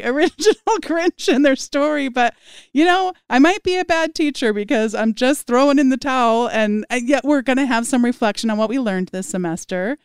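A woman hosting a podcast, telling stories in a lively conversational way with frequent laughter. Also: on the high side, smooth, no room sound, studio quality. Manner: animated storytelling with frequent laughs. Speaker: podcast host.

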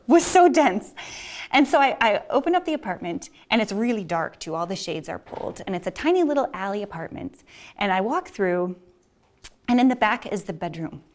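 A woman physician telling a personal story on stage, casual and chatty, with many fillers and frequent laughs. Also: mid-range voice.

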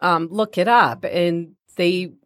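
A woman co-hosting a podcast in casual group chat, animated and quick to laugh. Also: lowish voice, no room sound, studio quality. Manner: animated, laughs often, reads shout-outs. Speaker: podcast co-host.

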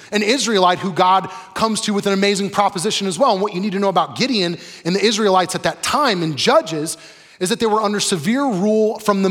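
Man, pastor, sermon, slightly high voice, husky tone, conversational, questions to the congregation, long hall reverb. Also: a bit bright. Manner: conversational, asks the audience questions.

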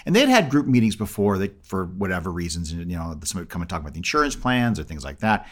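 A man's voice: deep voice, rapid-fire. A middle-aged man, a comedy magician, telling a story in a casual interview and acting out the people he quotes. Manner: animated, acts out the people he quotes.

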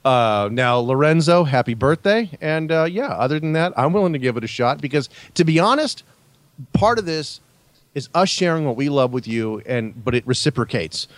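A man's voice: on the high side, expressive, moderate pace, no room sound. A man co-hosting a podcast, joking dryly and starting with hesitations. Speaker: podcast co-host. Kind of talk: casual chat.

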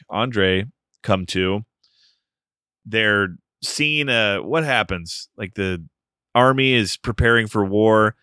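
A man's voice: on the low side, sharp tone, clear, resonant tone, dry recording, studio quality. A man co-hosting a podcast, casually recapping a film's plot with joking asides. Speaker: podcast co-host. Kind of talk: casual movie review chat.

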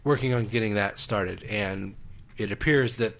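A man's voice: fairly low pitch, normal speed, vocal fry, a bit bright. A man co-hosting a casual movie podcast, talking in a laid-back way with lots of fillers. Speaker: podcast co-host.

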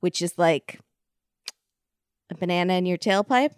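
A woman's voice: lowish voice, a little slow, smooth, no room sound, clean studio sound. A woman hosting a podcast in casual, joking chat, laughing often. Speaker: podcast host.

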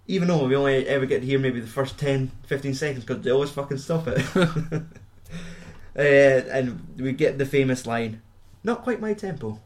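This podcast co-host, a young man with a mid-range, slightly mellow voice at normal speed, talks about a film in a loose, rambling way, swearing and frequently laughing.

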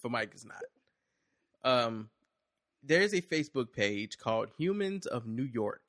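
A man's voice: mid-range voice, sing-song, unhurried, a bit bright, no room sound. Laid-back laughing man, dry close mic. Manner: laughs often, loose slangy talk. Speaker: podcast host. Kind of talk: casual chat, reading a story aloud.

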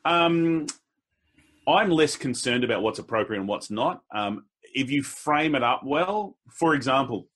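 A man, a public speaker, telling anecdotes in a relaxed conversation, with a husky voice. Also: measured pace. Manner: storytelling, slips into quoted voices with pitch jumps. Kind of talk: casual conversation.

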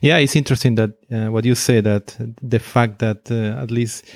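A man's voice: medium pitch, steady tone, moderate pace, a little mellow, no echo. A male interviewer in a casual conversation, reflective, paraphrasing what his guest says.

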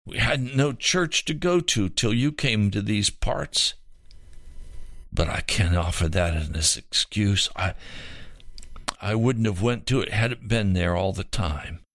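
A man's voice: lowish voice, no echo, studio quality. A man doing a wheezing dying old mountaineer. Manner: wheezing, gasping, rough country talk.

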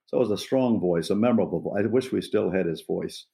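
A man in his eighties, an evangelist being interviewed, telling personal stories in an earnest, unhurried way and pausing to find his words. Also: low-pitched, vocal fry, warm tone. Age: 80s. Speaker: evangelist guest. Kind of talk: reflective personal storytelling.

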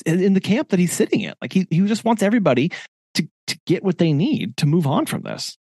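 A man's voice: sits high, big pitch swings, fast, darkish tone, breathy edge, no room sound, studio quality. A man co-hosting a podcast, discussing a book in a thoughtful, reflective way and reading passages aloud before commenting on them. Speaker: podcast co-host.

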